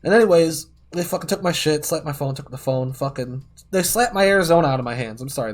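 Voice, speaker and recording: Male streamer, slightly high voice, rambling and profane, casual gaming chat. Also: darkish tone. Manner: rambling, heavily profane, many fillers. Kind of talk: casual storytelling while gaming.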